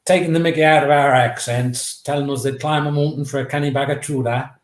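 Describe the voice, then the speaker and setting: A middle-aged man, telling a story at a mid pitch in a lively, casual way and acting out each bit of dialogue. His voice carries a roomy echo. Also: fairly quick. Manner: lively, anecdotal, acts out dialogue. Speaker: guest, memoir author.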